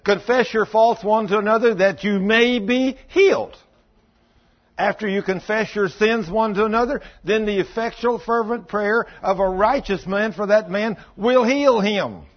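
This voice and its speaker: A man's voice: sits high, unhurried, lo-fi sound. A man preaching a sermon in a folksy storytelling way, acting out both sides of past conversations. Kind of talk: sermon with acted-out dialogue.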